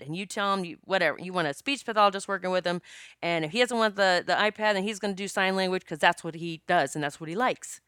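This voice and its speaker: A woman speaking as a psychic medium, telling a personal story in an emotional, animated way with many fillers and some swearing. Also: lowish voice, fast, clear, resonant tone, no room sound, studio quality. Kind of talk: casual storytelling monologue.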